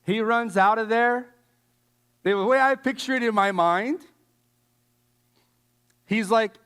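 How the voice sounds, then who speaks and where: Man, casual sermon, fairly high voice, animated, slangy, lots of fillers. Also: measured pace, long pauses. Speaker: youth speaker.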